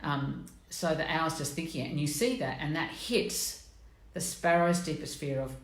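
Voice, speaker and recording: Middle-aged female host, deep voice, casual and frank, live stream from an echoey room. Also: normal speed. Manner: chatty, blunt and self-mocking, greets viewers by name.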